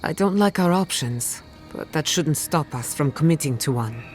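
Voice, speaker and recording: An actor voicing a calm, measured adviser who speaks gravely in a video game. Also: mid-range voice, faint music behind, natural voice.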